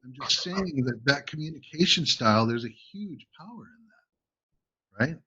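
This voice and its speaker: A man's voice: a little high, expressive, normal speed, pushed and bright, slight background noise. A man hosting a show, coaching listeners in a casual, emphatic way and often checking in with "right?". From United States. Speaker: host and communication coach. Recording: dull lo-fi audio.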